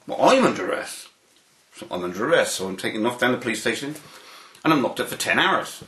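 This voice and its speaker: A man, interviewed and telling anecdotes in an animated way, often repeating words as he starts a phrase. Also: medium pitch, quick pace, roomy sound. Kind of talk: anecdotal storytelling.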